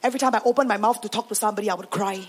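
A Singaporean woman pastor telling her story in a sermon, animated and sprinkling in Singlish particles. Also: medium pitch, racing, slightly rough. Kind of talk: sermon testimony.

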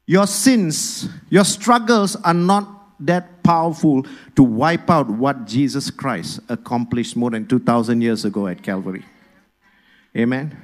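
A man's voice: mid-range voice, expressive, measured pace. A male pastor preaching a sermon, energetically urging the congregation to repeat after him and respond.

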